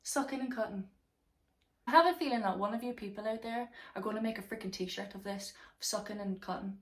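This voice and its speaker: A woman's voice: mid-range voice, fast, slight background noise. A woman vlogger telling a true crime story in a casual, rambling way, swearing freely and leaning on fillers. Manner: rambling, profane, many fillers. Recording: roomy echo, mic at a distance.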